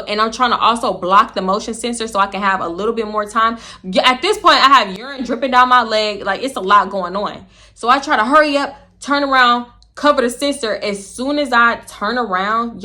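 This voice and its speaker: A woman vlogger from Houston, telling a story in an animated way, swearing and laughing as she goes. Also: medium pitch. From Houston, Texas. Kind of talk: casual storytelling.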